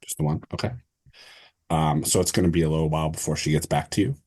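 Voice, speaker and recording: A man with a very low, husky voice narrates a tabletop game as game master. He describes scenes loosely, with many fillers and restarts. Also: fast, darkish tone.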